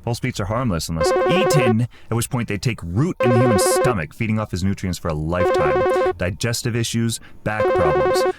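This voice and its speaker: Brief: low-voiced man, animated and joking while gaming, music under him. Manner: joking, reads game text aloud with chuckles. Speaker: gamer playing a game. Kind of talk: casual game commentary. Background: game music.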